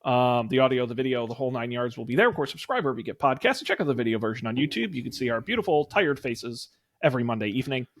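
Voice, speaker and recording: Here a podcast host with a mid-range, sing-song voice talks rapid-fire in a casual video-call chat. He meanders through plugs and fills the gaps with many fillers.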